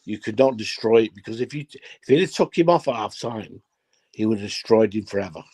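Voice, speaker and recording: A man's voice: fairly low pitch, lively intonation, fairly quick, a little mellow, slightly rough. A man, speaking as a guest on a football chat stream, emphatic and repeating himself. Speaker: guest pundit.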